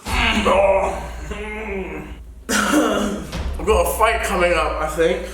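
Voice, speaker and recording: A man's voice: sits high, drawn-out words, loud music behind the voice. A young man vlogging a food challenge, groaning and exclaiming dramatically. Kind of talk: casual challenge vlog. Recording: echoey room.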